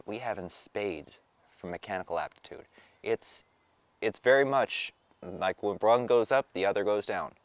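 A man's voice: lowish voice, no echo. A man explaining things in casual talk, with a slight Southern twang and an emphatic, filler-heavy way of speaking. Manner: conversational, emphatic, lots of fillers. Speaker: vlogger.

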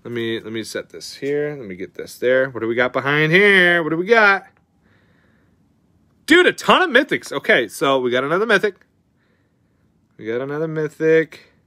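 A young man hosting a card pack opening in an excitable, slangy chat, calling viewers dude and bro. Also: a little high, normal speed, long pauses, no room sound.

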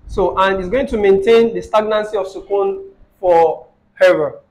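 High-voiced male grammar teacher. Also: darkish tone, a little hiss or hum, poor audio. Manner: asks the student questions and repeats phrases slowly. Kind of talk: live online lesson with a student.

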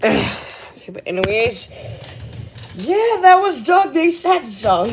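A woman's voice: fairly high pitch, sing-song, slow pace, slight background noise. A woman giving casual, exasperated reaction commentary, laughing and swearing freely. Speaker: video reactor.

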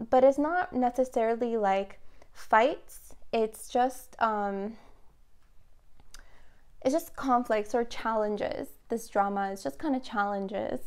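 A woman giving a casual tarot reading to camera, excitable and rambling with many fillers. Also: on the high side, smooth. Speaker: tarot reader.

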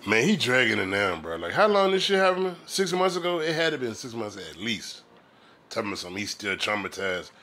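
A man's voice: lowish voice, sing-song, brisk, pushed and bright. A man giving casual commentary on a clip in a blunt, profane and incredulous way.

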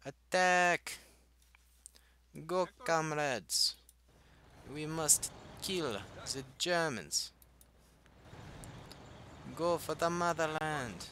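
A loud, barking Soviet officer in a war game, put on by a man. His orders come out high and forceful, with a weak fake accent that barely holds. The tone is bright and carries a faint hum of battle behind it. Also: steady tone, takes it slowly, pauses often, full character voice. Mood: rallying.

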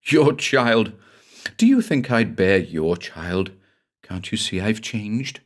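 A man's voice: on the low side, big pitch swings, takes it slowly, exaggerated voice. A man voicing a terrified, half-possessed young woman who babbles and sobs. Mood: fevered. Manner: babbling, sobbing, pleading.

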